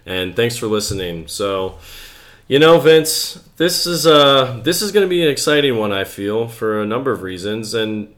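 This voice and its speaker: A man's voice: medium pitch, big pitch swings, normal speed, a bit bright. Laid-back man co-hosting a podcast. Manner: enthusiastic, laughs often, trails off with fillers. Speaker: podcast co-host. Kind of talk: casual chat.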